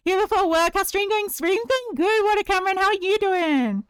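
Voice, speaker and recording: A woman's voice: extremely high pitch, fast, hardly any pauses, a bit bright, dry recording. A woman chatting casually on a live stream while she crochets, playful and reading chat aloud.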